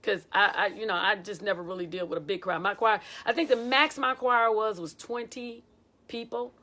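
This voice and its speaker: A woman choir director giving a casual, animated teaching talk and acting out quotes as she tells stories. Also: medium pitch, normal speed. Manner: animated storytelling with acted quotes.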